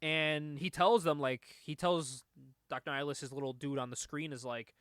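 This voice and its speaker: Male: higher-pitched casual podcast host. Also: steady tone, moderate pace, fairly bright tone, clear, resonant tone, no echo, studio quality. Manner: laughs often, swears casually, rambling recap. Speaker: comic book podcast host. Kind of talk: casual comic review chat.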